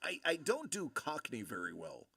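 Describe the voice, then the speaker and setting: A man's voice: a little high, huge pitch swings, normal speed, vocal fry, pushed and bright, no echo, clean studio sound. A man hosting a card-breaking livestream, rambling and joking with his audience in casual banter. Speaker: livestream host breaking trading cards. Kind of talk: casual chat with a live audience.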